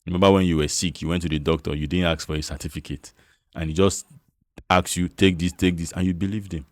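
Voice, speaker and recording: A Nigerian man with a very deep, low voice talks through a casual tutorial. His delivery is chatty and coaxing, checking in with his listeners again and again. The sound is close and dry, with no room echo. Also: fairly even intonation, fast. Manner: chatty, repeats "you understand?", coaxing. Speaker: investment channel host. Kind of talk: casual screen-share finance tutorial.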